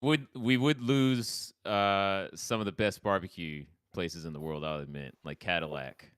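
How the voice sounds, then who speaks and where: A man's voice: low voice, a little slow, fairly bright tone, clear, resonant tone, no room sound. A man from Texas hosting a casual live chat, teasing callers in a dry, joking way.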